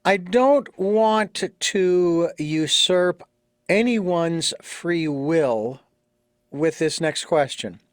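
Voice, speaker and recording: A man's voice: fairly high pitch, drawn-out words, no room sound, clean studio sound. A man hosting an interview, asking questions in a careful, hesitant way. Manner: careful, hesitant phrasing with restarts. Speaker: podcast host.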